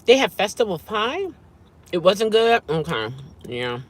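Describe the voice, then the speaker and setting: A woman's voice: medium pitch, big pitch swings, measured pace. A woman vlogging casually from her car, chatting and humming over her food. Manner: chatty, savoring food with hums. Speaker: vlogger and rideshare driver. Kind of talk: casual chat while eating in a car.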